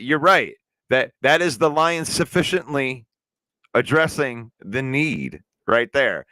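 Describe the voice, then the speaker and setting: A man's voice: mid-range voice, pushed and bright, dry recording. Argumentative man hosting a sports talk show. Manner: argumentative, answers chat comments directly. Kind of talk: casual sports talk commentary.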